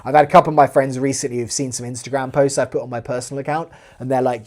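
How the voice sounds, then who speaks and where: A man's voice: mid-range voice, steady tone, fast talker. Chatty southern English man, slightly Americanized. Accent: southern English with slight American inflection. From southwest London, England. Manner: chatty and rambling, trails off quietly at sentence ends. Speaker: live-stream host. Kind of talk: casual live-stream Q&A, reading chat aloud.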